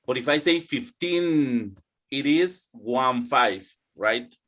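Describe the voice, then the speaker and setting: A man teaches English numbers in an online pronunciation lesson, drilling his students patiently and checking on them frequently. He speaks slowly in an expressive, mid-range voice that is a bit bright.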